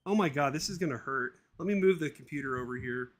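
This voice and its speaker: A man's voice: medium pitch, quick pace. A man streaming live, reading a script aloud and grumbling sarcastically between lines, swearing casually.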